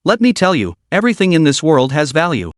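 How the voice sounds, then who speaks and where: A man's voice: on the high side, big pitch swings, fast, no room sound, clean studio sound. A man voicing a young man who is a blunt, bitter street vendor, reading him in a storybook recap. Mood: sarcastic. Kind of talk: storybook narration.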